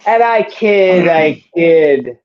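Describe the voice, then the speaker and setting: Playful woman podcaster, dull lo-fi sound. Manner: playful, jokey, bursts into silly high squeals. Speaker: podcast co-host. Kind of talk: casual podcast chat. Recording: dull lo-fi audio.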